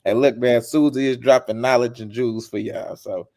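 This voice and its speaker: A man hosting a casual interview, talking in a relaxed way with short encouraging replies and hype phrases for the audience. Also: mid-range voice, normal speed, dry recording, studio quality. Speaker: interview host.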